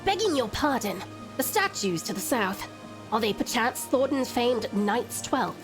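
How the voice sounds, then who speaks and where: A courteous young nobleman asks his question with formal politeness, as a woman reads his lines aloud. The voice is high and very animated in pitch. Game music plays clearly behind him. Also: unhurried, rough recording. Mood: polite.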